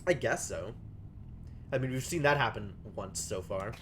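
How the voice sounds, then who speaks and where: A woman streamer giving chatty, excitable, self-mocking commentary on a game. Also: a bass voice, moderate pace, slight background noise. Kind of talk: let's play commentary. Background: game music.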